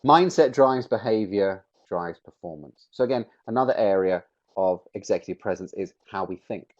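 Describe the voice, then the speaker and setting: A middle-aged man with a lowish voice presents a webinar, leaning on key words to drive his points home. The audio is dull and lo-fi, like a typical online session. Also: brisk, warm tone. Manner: emphatic, varies stress on words to make points.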